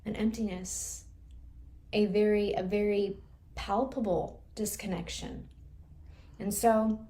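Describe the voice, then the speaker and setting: A woman's voice: mid-range voice, fairly even intonation, takes it slowly, mellow. A woman trauma recovery coach teaching a live class, explaining in an earnest, patient way.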